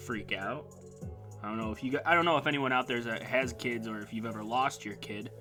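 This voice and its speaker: A man in his thirties talks alone on his internet radio show, rambling from one joke to the next in a bright, forceful voice. His pitch sits in the middle for a man, and faint music plays behind him. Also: fairly quick. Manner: rambling, jokey, reads sponsor ads in a hyped voice. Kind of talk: casual solo talk show.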